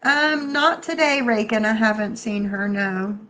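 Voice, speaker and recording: A woman hosting a live stream, her voice pitched a little on the high side. She chats loosely with her viewers, thanking them by name and reacting to what they write in the chat. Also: measured pace, fairly bright tone. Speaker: livestream host.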